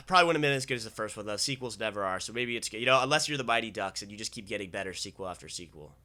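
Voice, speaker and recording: Fast-talking, bright-voiced young male host. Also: on the low side, lively intonation. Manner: teasing, upbeat. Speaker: podcast host. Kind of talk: casual sports chat.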